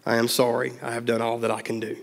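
A man's voice: medium pitch, completely flat delivery, fast talker, creaky, lightly acted. Man voicing a doctor, grave, businesslike, urgent, reverberant hall. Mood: somber.

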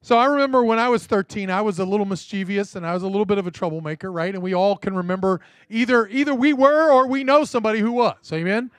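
A man's voice: sits high, fast, few pauses, clear, resonant tone, no room sound. A man, a pastor, giving a sermon in a conversational storytelling way and often checking in with the congregation. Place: church.

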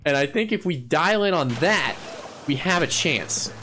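A playful male game streamer with a bright, forceful voice that swings widely as he jokes and laughs his way through a match. He chatters casually to his viewers and bursts into yells at his wins. Faint music plays behind him. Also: a little high, animated, normal speed. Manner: playful and goofy, laughing often and yelling at wins. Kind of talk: casual live gameplay chatter.

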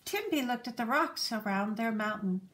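A woman reading a children's picture book aloud in a gentle, lively storytelling manner. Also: a little high, moderate pace, a little hiss or hum.

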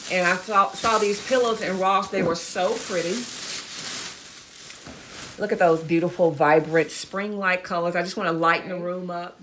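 Bright-voiced chatty woman showing off a haul. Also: mid-range voice, a little hiss or hum. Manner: chatty, enthusiastic, addresses viewers as y'all and guys. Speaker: fashion vlogger. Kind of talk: casual haul video chat.

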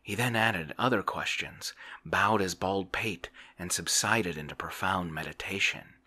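A man reading a classic novel aloud in a soft ASMR style, slow and soft-spoken, sometimes slipping into a whisper. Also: low-pitched, slightly rough. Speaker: ASMR reader.

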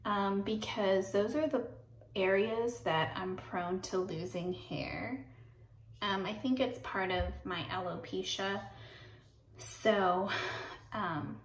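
Woman vlogging, slow unhurried talk, lots of ums, echoey room, mic set back. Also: mid-range voice. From Texas. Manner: chatty with frequent ums, self-correcting. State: pregnant. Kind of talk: casual product walkthrough. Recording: roomy, mic at a distance.

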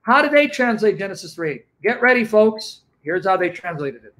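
A man speaking as a guest apologist on a livestream, teaching emphatically and slowing down to repeat key phrases. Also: high voice, sing-song, fairly bright tone.

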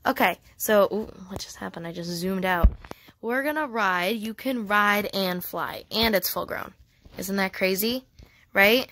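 A young woman with a slightly high voice talks through a game session in a casual, chatty way. She is excited and laughs often. She reads the game's dialogue aloud as she plays. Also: moderate pace, no echo. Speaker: gamer. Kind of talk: casual gameplay commentary.

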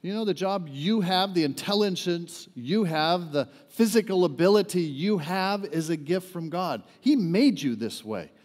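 A man with a high voice preaching a sermon in a church. He jokes and quizzes the congregation as he goes. The long reverb of a large sanctuary trails every phrase. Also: animated, measured pace, few pauses, darkish tone. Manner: joking, asks the congregation to respond. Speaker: guest preacher. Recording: echoey church hall reverb.

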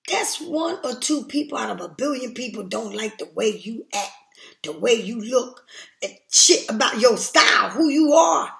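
Blunt, cursing older woman, high voice. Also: creaky. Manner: blunt, profane and emphatic. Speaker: tarot reader. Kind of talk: casual tarot reading monologue.

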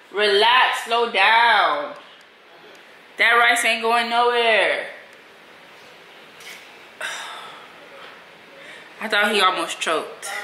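Bright-voiced young mom venting on vlog. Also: female voice, on the high side, breathy edge, rough recording. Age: 20s. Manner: talkative and exasperated, venting to viewers. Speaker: vlogger, mother of two. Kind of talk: casual vlog chat to camera.

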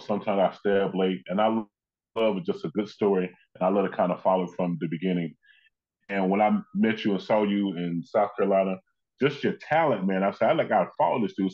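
A man with a husky, lowish voice hosts a casual chat, heaping praise on someone through loose, run-on stories. The audio is slightly muffled.

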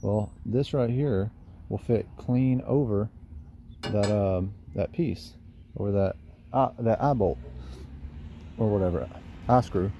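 In a casual DIY how-to vlog shot on a camera mic, a lawn care business owner with a Southern accent talks through an outdoor project by his trailer, rambling in a folksy way and running himself down. His fairly low, mellow voice takes it slowly with long pauses, and there's slight background noise.

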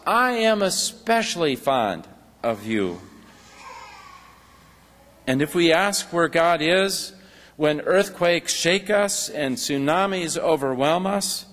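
A man preaching a sermon as pastor, slow and earnest, reading passages from a book aloud. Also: fairly high pitch, a bit bright, long reverb tail.

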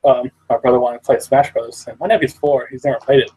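A man with a husky, slightly breathy voice, telling an amused anecdote in a casual podcast chat. His pitch sits in a middle range. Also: steady tone, fast talker, mellow, poor audio. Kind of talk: casual storytelling.

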